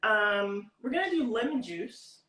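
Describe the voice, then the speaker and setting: A woman's voice: on the high side, very animated, unhurried, roomy sound, recorded from a distance, crowd noise, low-quality recording. A woman giving a casual cooking demonstration over a video call from her home kitchen, explaining tips step by step in a chatty way. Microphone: video call, stepping back from the device.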